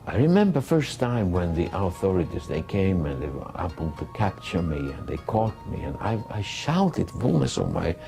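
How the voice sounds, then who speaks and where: A man interpreting a religious testimony into English, speaking earnestly in halting phrases that he often corrects as he goes. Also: sits low, big pitch swings, gravelly, warm tone, faint music behind.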